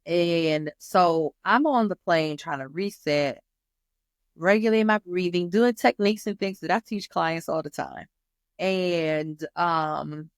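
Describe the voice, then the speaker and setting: A woman's voice: lowish voice, no room sound, clean studio sound. A woman hosting her own show, speaking candidly and with animation about her personal journey, calling her listeners "y'all". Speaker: host. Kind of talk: personal testimony.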